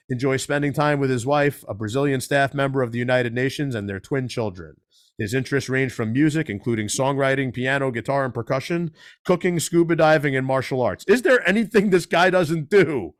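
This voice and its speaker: A man hosting a radio talk show, mid-pitched and close to the mic in a dry room. He tears through a long introduction, then breaks off for playful side comments. The energy is upbeat and chatty. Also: dry recording. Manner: lively, joking asides while reading a long introduction. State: out of breath.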